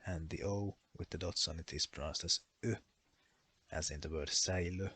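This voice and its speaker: A man with a bright, forceful edge to a very deep voice narrates a lesson. He works methodically through the rules, giving one example after another. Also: moderate pace, breathy edge. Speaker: language explainer. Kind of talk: explanatory voice-over lesson.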